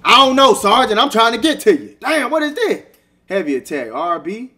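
A young man giving excitable, casual commentary while playing a video game and talking back to the characters. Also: high-pitched, a little fast. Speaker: gaming streamer. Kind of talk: casual let's-play commentary.

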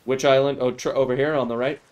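A man's voice: medium pitch, steady tone, fast talker, darkish tone. Chatty upbeat man streaming a game. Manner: upbeat, chatty, jokey, laughs often. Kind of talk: casual game chat.

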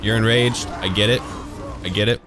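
A man's voice: on the low side, fairly even intonation, normal speed. A man giving sarcastic, jokey running commentary while playing a video game, over game music. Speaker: gaming YouTuber. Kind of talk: let's play commentary.

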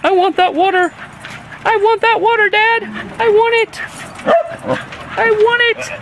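A woman's voice: extremely high pitch, steady tone, measured pace, noisy background, pitched above the performer's own voice. A woman voicing her pet dog, whining and pleading for the hose water, recorded outdoors on a backyard deck. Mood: whiny begging.

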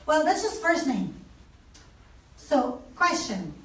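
A woman who does not speak natively gives an animated lecture, asking rhetorical questions and acting out conversations. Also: high voice, slow pace. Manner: animated, asks rhetorical questions, acts out dialogue. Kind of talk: lively lecture. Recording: echoey room, mic far off.

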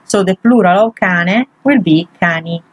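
A woman's voice: fairly low pitch, unhurried, breathy edge, rough recording. A woman, a language teacher, patiently walking through grammar exercises one example at a time. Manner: patient, walks through each example step by step.

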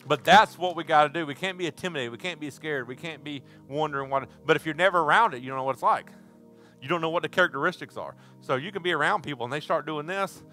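Male preacher, folksy storyteller given to shouts, bright forceful voice. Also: fairly high pitch, quick pace, soft background music. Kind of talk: sermon. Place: church service.

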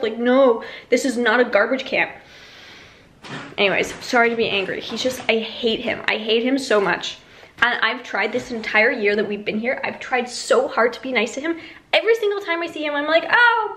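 A woman's voice: fairly high pitch, fairly bright tone. A young woman vlogging casually in an emptied apartment, rambling through a story with lots of "like". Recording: echoey empty room.

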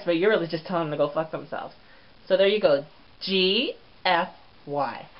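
A man hosting his own comedy vlog show, sassy and crude, with lots of swearing. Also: high-pitched. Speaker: show host. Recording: lo-fi dull recording.

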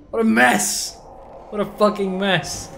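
A young man commentates a blind playthrough of a video game, exasperated, swearing and laughing at himself, with game music playing beneath. His voice is high-pitched, gravelly, and somewhat bright.

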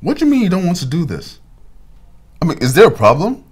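An actor playing a pushy young boyfriend who moves between coaxing and indignance. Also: male voice, on the high side, huge pitch swings, quick pace, husky, full character voice. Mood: annoyed. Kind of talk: film drama acting. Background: soft film score.

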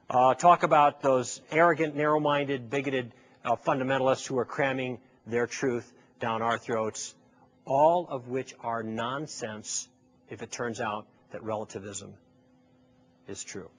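Husky-voiced man lecturing. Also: mid-range voice. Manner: storytelling, acting out both sides of a conversation; conversational and persuasive, with rhetorical questions. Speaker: public speaker. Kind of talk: lecture to a live audience.

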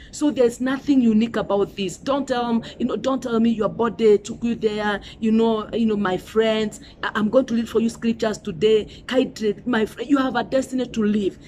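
A middle-aged Kenyan woman delivers a sermon in a fairly high voice. She preaches emphatically and repeats herself, with "you know" and "Hallelujah" running through her speech. A faint hum of ambience sits behind her. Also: a little mellow.

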